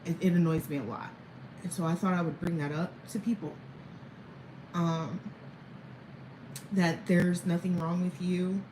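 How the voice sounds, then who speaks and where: A woman's voice: fairly low pitch, flat delivery, a little slow, long pauses, mellow, slight background noise. A woman in her thirties rambling candidly to camera in a casual personal vlog, chuckling between thoughts. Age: 30s. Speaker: vlogger. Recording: echoey room, faint background ambience.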